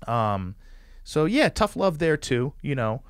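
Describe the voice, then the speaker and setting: A man's voice: a little high, big pitch swings, takes it slowly, clear, resonant tone, dry recording, studio quality. A man in his forties, a podcast guest, telling rambling stories from his life, full of "like" fillers and acted-out quotes. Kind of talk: casual storytelling interview.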